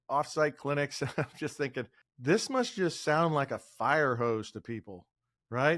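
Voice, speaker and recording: A man in casual business-podcast conversation, laying out his points with easy asides. His voice sits at a middle pitch and sounds close and dry, with no room around it. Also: no room sound. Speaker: podcast co-host.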